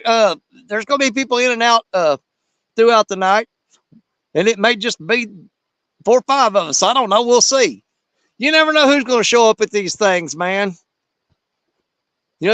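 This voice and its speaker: A man with a drawl chats casually with his livestream viewers, calling them brother. His voice sits high for a man, and the recording is dry and close. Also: a bit bright, smooth, no echo. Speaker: livestream host. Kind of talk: casual livestream chat reading viewer comments.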